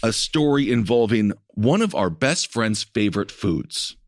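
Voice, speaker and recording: A man co-hosting a comedy podcast, playful and teasing with deadpan asides. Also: on the low side, a little slow, no echo, clean studio sound. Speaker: podcast co-host. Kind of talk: casual comedic chat.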